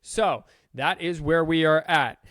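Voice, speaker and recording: A man's voice: on the high side, a little slow, fairly bright tone, no room sound. A man hosting a casual solo sports podcast, chatty and self-deprecating, stumbling now and then over names.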